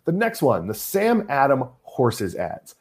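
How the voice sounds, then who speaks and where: Middle-aged guy from massachusetts, animated pitch, jokey and opinionated. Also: slow. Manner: joking, opinionated. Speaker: podcast host. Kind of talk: casual chat.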